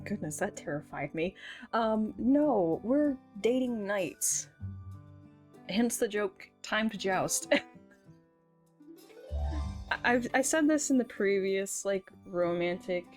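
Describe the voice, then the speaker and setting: A woman hosting a game stream, chatting casually with giggly, self-deprecating asides. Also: fairly low pitch. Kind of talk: casual let's play commentary.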